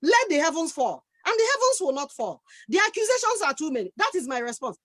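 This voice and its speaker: A woman on a discussion panel, speaking forcefully and with passion from her own experience. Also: very high-pitched, sing-song, a little fast, few pauses, no room sound.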